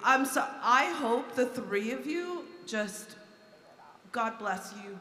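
A woman fan gushes slowly to the panel, emotional and laughing often. Her tone is bright. A long reverb of a big hall hangs on her voice. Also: fairly high pitch, expressive, slight background noise. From Toronto, Canada. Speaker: audience member asking a question. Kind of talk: live panel audience question. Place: large convention hall. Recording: echoey hall from a distance.

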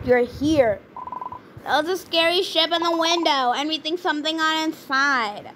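A woman giving casual gameplay commentary, chatty and excitable, reading game dialogue aloud. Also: high-pitched, normal speed. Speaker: gaming video creator. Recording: noticeable background noise.

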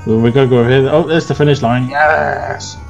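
A man's voice: mid-range voice, fairly even intonation, brisk, vocal fry, soft background music, poor audio. A groggy, worn-out English man chatting and rambling through casual gameplay commentary as a let's play host.

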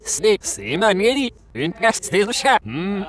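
A man calling out plays mid-game, shouting quick bursts at his teammates. His voice sits high and jumps all over the place, rising and dropping with every callout. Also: sing-song. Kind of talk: excited gaming chatter.

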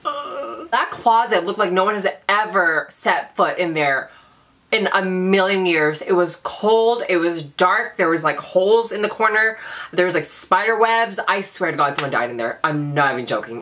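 A young beauty vlogger from Vancouver, Canada tells a storytime vlog with a medium-pitched, animated, fairly bright voice at a moderate pace. Her delivery is chatty and dramatic, loaded with "like" and "you know."

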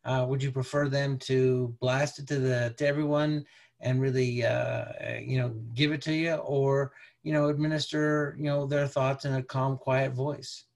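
A man presenting a parenting lecture over slides, talking in a conversational, halting way with many restarts. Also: mid-range voice, flat delivery, creaky. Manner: conversational, halting, peppered with "you know".

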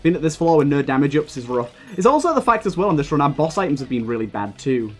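A young man commenting on his own gameplay, swearing freely and getting heated as he talks. His pitch swings widely from line to line. Faint game music plays beneath his voice. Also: big pitch swings, fast talker. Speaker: gaming video creator.

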